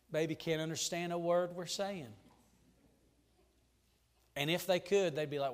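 A man delivers a sermon in a high-pitched voice. He preaches with fervor, sinking to a near hush and then climbing to ringing emphasis. His words trail off into the long reverb of a church hall. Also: moderate pace. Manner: fervent, preacherly, swings from hushed to ringing. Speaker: pastor. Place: church sanctuary.

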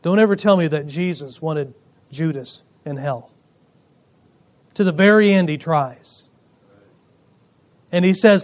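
A male pastor preaching a sermon, swinging between loud emphatic lines and quiet asides, joking with the congregation. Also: fairly high pitch, measured pace, pauses often. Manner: jokes with the congregation.

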